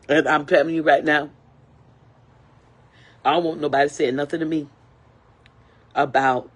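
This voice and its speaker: Husky older woman ranting angrily. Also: low-pitched, steady tone, moderate pace, long pauses. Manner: angry, repetitive, profane. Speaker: livestreamer. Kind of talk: angry livestream rant.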